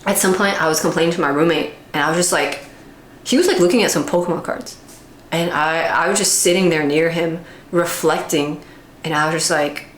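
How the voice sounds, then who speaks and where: A woman's voice: sits low, a little fast. A woman talking candidly in a casual vlog monologue, animatedly acting out her own inner voice. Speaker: vlogger. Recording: echoey room with faint background hiss.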